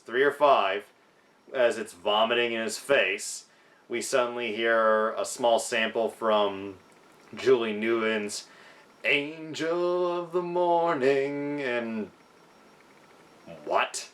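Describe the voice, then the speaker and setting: A man's voice: lowish voice, fairly bright tone. A young man reviewing a film in a casual vlog, sounding frustrated as he criticizes it. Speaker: movie reviewer.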